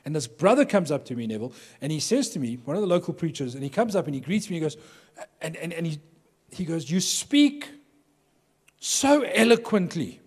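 This Durban, South Africa man leads a workshop for pastors, telling humorous stories to a live crowd in a big hall and performing the voices of those he quotes. He sounds slightly high, husky and a little mellow, speaking fast and expressively, with long reverb from the hall.

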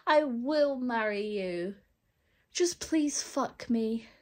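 A woman's voice: fairly high pitch, expressive, drawn-out words, a little mellow. A woman mocking a pleading, lovestruck teen girl. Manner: mocking impression.

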